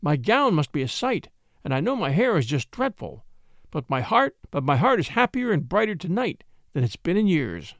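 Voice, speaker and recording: A spirited, well-bred young lady, brave and lightly teasing, as a male narrator puts her on. The voice is lifted high and lilting, swinging lively over each phrase. It is heard close and dry. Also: moderate pace, dry recording. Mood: earnest, teasing.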